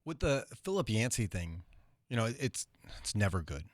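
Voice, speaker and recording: A man's voice: lowish voice, sing-song, normal speed, no room sound, clean studio sound. A man on a podcast, thinking aloud and restarting his questions as he talks. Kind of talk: casual conversation.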